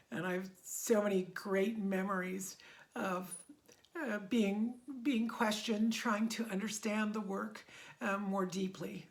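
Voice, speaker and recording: A middle-aged woman tells her community what her teaching work has meant to her. She speaks with deep, heartfelt emotion and often sounds close to tears. Her voice has a gravelly, creaky edge and sits at an ordinary pitch for a woman. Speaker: meditation method instructor. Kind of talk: personal testimony to a community.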